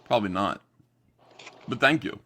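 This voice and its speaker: A blunt man from New Jersey sits in as a guest on a casual panel chat. His voice sits fairly low, and he rants and swears freely. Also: animated, normal speed, heavy background noise. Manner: blunt, profane, ranting.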